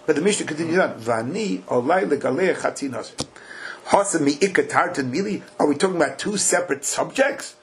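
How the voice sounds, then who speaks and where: A man with a fairly high-pitched voice leads a Talmud class, chanting the text aloud. He then explains it in casual English, hammering his points home with rhetorical questions.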